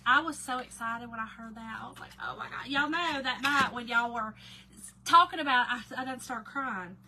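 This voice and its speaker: Over noticeable background noise, a woman with a slightly high voice speaks at a moderate pace while hosting a craft livestream. She chats away and greets viewers warmly by name, though she often slips into quiet muttering to herself as she focuses on her work.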